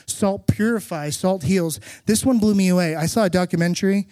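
Middle-aged male pastor, slightly high voice, lively storyteller, dry close sound. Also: brisk, no room sound. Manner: animated storytelling with emphatic repetition. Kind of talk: sermon.

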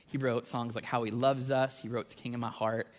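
A man in his thirties preaching a sermon with energetic, conversational emphasis that rises on key points. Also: medium pitch, normal speed. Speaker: pastor.

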